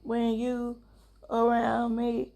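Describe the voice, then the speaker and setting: A woman's voice: a little high, monotone, drawn-out words, vocal fry, mellow. A young woman, a married mother, casually telling a story to her viewers, chatty and acting out both sides of the conversation. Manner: chatty, addresses viewers as y'all, acts out dialogue. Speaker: vlogger and mother.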